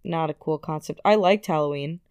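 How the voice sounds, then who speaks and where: A woman's voice: low voice, a little fast, smooth, no room sound, clean studio sound. A woman guesting on her partner's podcast, chatting casually and laughing often. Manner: giggly, expressive, swears casually. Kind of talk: casual chat.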